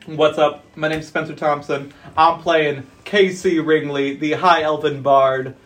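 A man introducing his character at a tabletop game, loud and joking. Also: a little high, steady tone, a little slow, recorded from a distance. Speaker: player. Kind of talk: casual chat.

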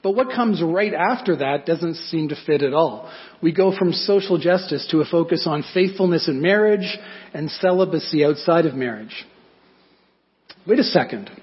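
A man's voice: a little high, moderate pace, highs cut off. A man preaching a sermon in a conversational way, often asking his listeners rhetorical questions. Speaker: pastor.

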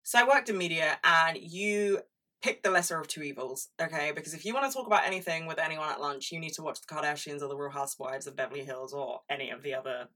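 A woman's voice: deep voice, fast talker, sharp tone, distant mic. A woman in her twenties hosting a solo podcast, chatty and casual, swearing freely and laughing often. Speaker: podcast host.

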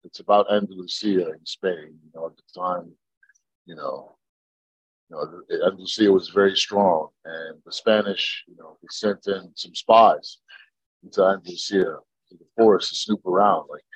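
A man from Egypt, a podcast guest, telling stories in a lively way, laughing and swearing freely. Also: deep voice, normal speed, slightly rough, dry recording, poor audio. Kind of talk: casual podcast chat.

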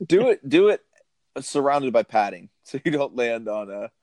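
A man's voice: medium pitch, sing-song, measured pace, a little mellow, dry recording. A man co-hosting a podcast, chatting casually about a movie, laughing often and retelling scenes. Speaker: podcast co-host.

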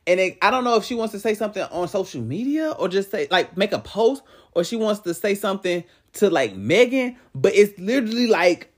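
At home late at night, a podcast host chats casually at a brisk pace and medium pitch, gossiping and reading cards. The delivery is animated and profane, with frequent laughter.

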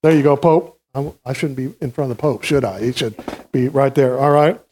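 A man's voice: medium pitch, brisk, background noise. A male pastor giving a conversational, teaching sermon from a church stage, calling volunteers up to act out a history lesson.

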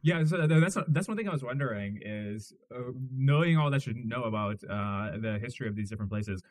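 Casting: male interviewer, halting and searching, mid-pitched voice. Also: dry recording. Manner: halting, repeats words and restarts while asking questions. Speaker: podcast host. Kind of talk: casual interview questions.

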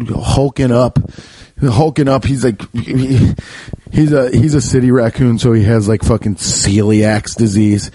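A man hosting a podcast, telling a comic story in a rambling, profane, animated way. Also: dry recording. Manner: rambling, profane, animated, often jumping high. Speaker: podcast host. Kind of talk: comedic storytelling.

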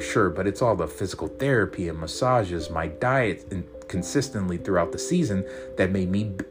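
A man hosting a podcast, reading a serialized story aloud in a relaxed way with fillers. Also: sits low. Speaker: podcast host and story reader. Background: guitar music.

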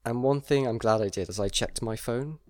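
A man's voice: medium pitch, a little fast, a little mellow, no echo, studio quality. A man chatting casually about a video game, rambling with fillers and frequent laughs.

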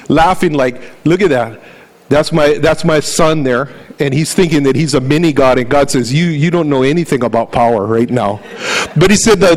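An older man preaches in an earnest, storytelling way, moving from scripture into personal anecdotes. His voice sits somewhat high for a man. A long reverb trails his words. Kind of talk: sermon.

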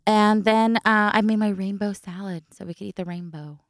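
A woman's voice: mid-range voice, fairly even intonation, moderate pace, no echo, studio quality. A middle-aged woman co-hosting a podcast in casual chat, laughing often and explaining recipes step by step. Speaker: podcast co-host.

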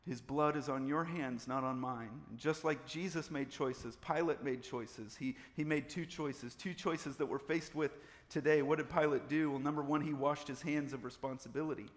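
A man's voice: fairly high pitch, fairly even intonation, normal speed, few pauses, in a large hall. A man preaching a sermon, repeating phrases and building up in intensity. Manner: preaching with swelling intensity and repetition. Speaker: pastor.

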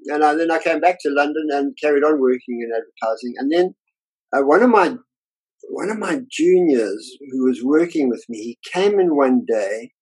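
An older man, an illustrator, telling lively anecdotes about his career in a casual interview and acting out the voices of people he quotes. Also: fairly high pitch, normal speed, breathy edge, rough recording.

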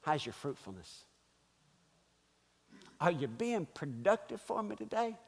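A man voicing God as a calm, gentle questioning father, in a soft, hushed, coaxing tone. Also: a little high, unhurried, gravelly, slightly rough, big-room sound, voice pushed down, heavily acted. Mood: gently probing.

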